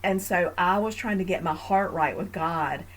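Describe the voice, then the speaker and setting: A woman hosting a faith podcast, talking in an earnest, reflective way with frequent fillers and growing animated in family stories. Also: lowish voice, normal speed, rough recording. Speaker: podcast host.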